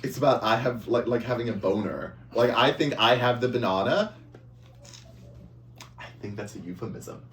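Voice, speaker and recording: A man co-hosting a casual podcast chat, telling stories in an animated, playful way with crude jokes. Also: medium pitch, moderate pace. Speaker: podcast co-host. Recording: echoey room from a distance, faint hum.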